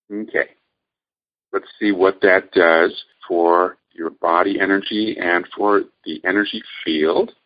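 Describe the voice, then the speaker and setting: Calm male meditation teacher, deep and slow, gently instructive, on a muffled lo-fi recording. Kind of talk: guided meditation lecture.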